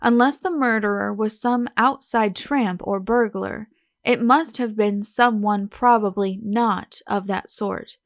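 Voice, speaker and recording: A woman reading as a brisk young gentleman sleuth. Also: mid-range voice, no room sound, clean studio sound, lightly acted. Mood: urgent.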